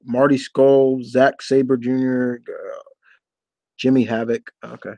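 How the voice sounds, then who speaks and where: A man's voice: medium pitch, flat delivery, slow pace, vocal fry, dark tone, no echo. A man hosting a casual live-stream Q&A, talking in a rambling, chatty way with lots of fillers and restarts. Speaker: host of a live Q&A.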